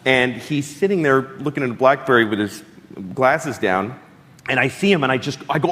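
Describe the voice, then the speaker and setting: A middle-aged man telling stories as a talk show guest, acting out his own excited reactions. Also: fairly quick. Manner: animated, acts out his own reactions in high excited bursts. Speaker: comedian guest. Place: talk show studio with audience. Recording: roomy studio with audience laughter.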